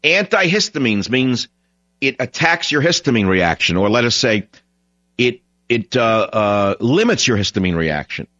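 A man's voice: medium pitch, big pitch swings, normal speed, fairly bright tone, dry recording, lo-fi sound. A man hosting a radio talk show, delivering a blunt, opinionated, rambling monologue.

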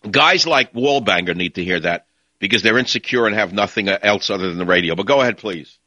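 Sarcastic male radio host, animated swooping delivery, bright sharp tone, dry close mic, dull lo-fi broadcast. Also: fairly low pitch, brisk, no echo. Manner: ranting, sarcastic. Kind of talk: talk radio monologue.

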